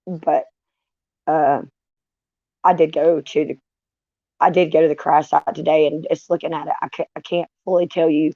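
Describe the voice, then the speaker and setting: A woman talks candidly to her camera, swearing freely and joking darkly. Her voice has a gravelly fry. The sound is dull and dry. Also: low voice, dry recording. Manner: candid, profane, with dark humor. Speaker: vlogger. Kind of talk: casual, unfiltered storytelling.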